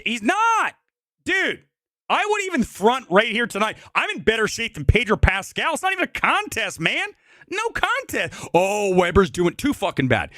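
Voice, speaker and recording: A man hosts a live movie stream and rants into a close mic. His voice is high and bright, and it swings all over the place as he mocks what he is talking about. The room is dry and dead. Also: no echo. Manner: brash, profane, mocking. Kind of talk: ranting live-stream commentary.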